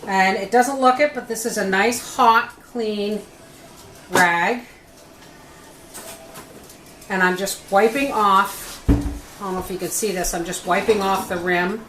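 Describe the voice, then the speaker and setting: A woman's voice: mid-range voice, background noise. A homestead vlogger, a woman with an everyday mid-range voice, chats her way through a kitchen demonstration. She has a folksy, easygoing manner and narrates each step as she works.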